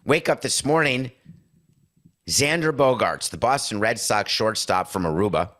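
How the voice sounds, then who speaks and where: Middle-aged male podcast host, sardonic and emphatic, slightly low, bright-edged tone. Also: animated, measured pace. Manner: emphatic, sarcastic, punchy lists. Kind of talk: opinionated sports commentary.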